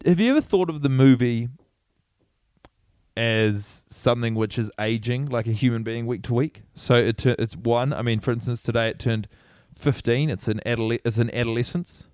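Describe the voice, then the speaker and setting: A man co-hosting a podcast in casual chat, deadpan, reading listener letters aloud. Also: mid-range voice, moderate pace, clear, resonant tone, dry recording, clean studio sound. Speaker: podcast co-host.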